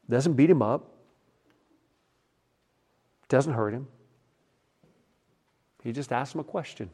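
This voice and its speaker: A man preaching a sermon as a pastor, retelling stories in a casual, conversational way and often dropping to a soft hush. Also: mid-range voice, slow, pauses often, husky.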